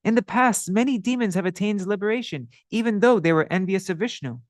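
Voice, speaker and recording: A man's voice: sits high, lively intonation, a little fast, dry recording, clean studio sound, voice pushed up. A man voicing a repentant ruffian who earnestly begs for mercy, his voice raised and imploring. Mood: pleading.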